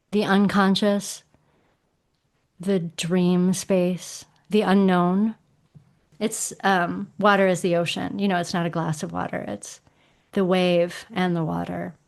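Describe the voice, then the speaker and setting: A middle-aged woman talking casually as a podcast guest, explaining ideas with animated emphasis and acting out quoted voices. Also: mid-range voice.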